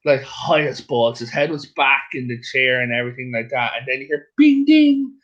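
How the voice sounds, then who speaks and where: A man's voice: medium pitch, expressive, brisk, fairly bright tone. Man, casual storyteller, foul-mouthed and jokey, lo-fi audio. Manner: profane, jokey, acts out voices in anecdotes.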